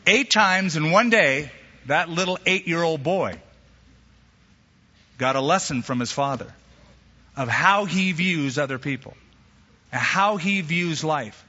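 A man preaching a sermon as pastor, animated, with sudden jumps in pitch and acted-out quotes. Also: a little slow. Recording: echoey hall, slightly dull sound.

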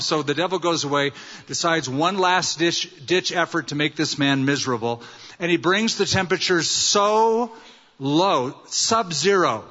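A male pastor preaching a sermon with earnest storytelling and rhetorical questions, in a bright, fairly high voice. The sound is dull and rings with a long reverb, as from a church sanctuary. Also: a little slow.

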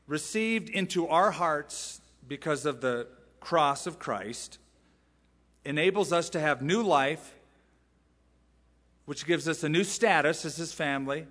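A male pastor delivers an expository sermon with emphatic, lively conviction, peppering it with rhetorical questions. His voice sits a bit higher than most men's and rings through a large church with a long hall reverb.

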